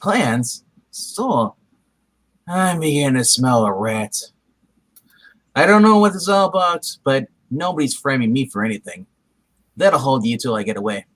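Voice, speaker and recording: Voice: medium pitch, very animated, normal speed, long pauses, a bit bright, no echo, low-quality recording. A reader voicing a cocky young male superhero in a casual comic read-aloud, with stumbles. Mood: suspicious. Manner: reads with stumbles and laughs.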